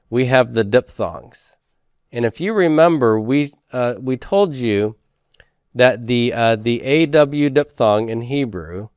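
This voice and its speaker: Male Hebrew instructor, patient and repetitive, slow measured delivery, dry close mic. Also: on the low side, darkish tone, clear, resonant tone, dry recording. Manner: patient, repeats words slowly, checks in with "okay?". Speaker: Hebrew teacher. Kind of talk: recorded grammar lecture.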